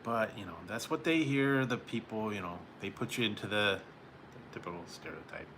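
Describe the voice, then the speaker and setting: A man's voice: on the low side, moderate pace, fairly bright tone, slight background noise. A man hosting a live stream, chatting casually with viewers in a rambling way and chuckling often between remarks. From California. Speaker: live-stream host reading chat.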